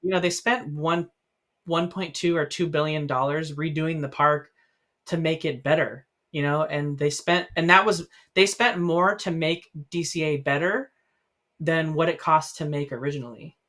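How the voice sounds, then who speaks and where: A man co-hosting a casual livestream, wandering through long anecdotes with plenty of ums and little laughs. His voice has a bright, forward edge. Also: fairly high pitch, fairly even intonation, normal speed. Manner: rambling storyteller with many fillers and little laughs. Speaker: livestream co-host.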